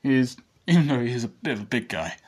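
A man's voice: medium pitch, lively intonation, quick pace, darkish tone, lightly acted. A man voicing an easygoing blind teenage boy in a fan story, rambling in a laid-back way and correcting himself as he goes.

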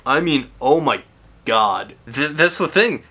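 A man's voice: fairly high pitch, lively intonation, takes it slowly, pushed and bright, a little hiss or hum. A man giving a casual, ranting movie review, exasperated and sarcastic, swearing freely. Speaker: film reviewer.

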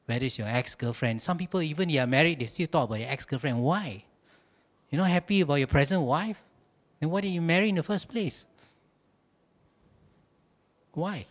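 A man preaching a sermon at a church service, telling his points as animated, humorous stories. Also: fairly high pitch, moderate pace, long pauses. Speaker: pastor.

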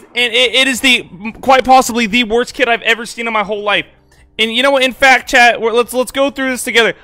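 A young male streamer talks to his chat in a high, bright voice. He sounds exasperated and rambling, and he stammers through restarts. Faint music plays in the background. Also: moderate pace. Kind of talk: casual live-stream chat.

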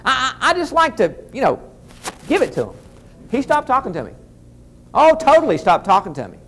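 A man's voice: very high voice, huge pitch swings, fairly quick, fairly bright tone, slight background noise. A man telling a humorous story in a keynote speech, talking to his audience in a folksy way. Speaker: motivational speaker.

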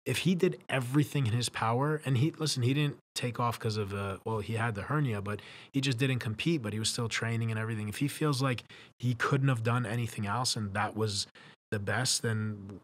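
A man appearing as a guest on a podcast and chatting casually, often pausing and restarting his sentences with filler phrases. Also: medium pitch, steady tone. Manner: halting, fills his sentences with "you know". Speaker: podcast guest, bodybuilding competitor.

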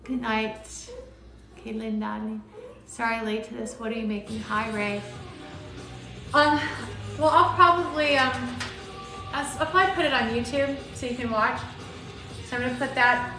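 A woman's voice: on the high side, normal speed, pauses often. A woman from Arizona and Maui chatting casually and flirtatiously as she cooks on a live stream, greeting viewers by name. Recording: echoey room with loud background music.

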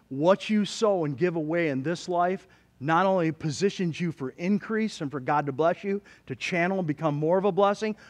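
Preacher man, high and lively voice, jokey and fired up, in a church. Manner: exuberant, jokey, shouts and drops to near whispers. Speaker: pastor. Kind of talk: sermon. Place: church sanctuary.

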